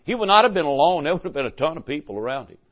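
An older man delivers a sermon in a slightly high voice. He swings from loud declarations to slow, hushed phrases and puts rhetorical questions to his congregation. The recording is muffled and lo-fi. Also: big pitch swings. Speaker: pastor. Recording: dull lo-fi recording.

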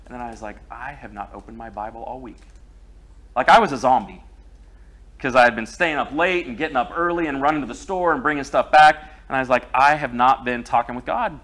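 A man's voice: on the high side, a bit bright. A middle-aged man preaching a sermon, telling a personal story in a conversational way.

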